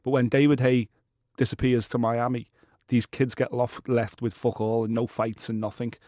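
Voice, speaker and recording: A man's voice: mid-range voice, flat delivery, moderate pace, a little mellow, dry recording, clean studio sound. A man, co-hosting a boxing podcast in casual, blunt, opinionated chat with plenty of swearing.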